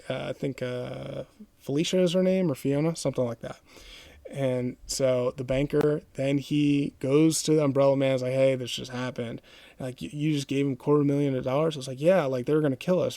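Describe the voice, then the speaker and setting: A man's voice: mid-range voice, gravelly, dark tone, dry recording. A male podcast host retelling a comic book plot in a loose, rambling way, with many fillers. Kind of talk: casual plot recap.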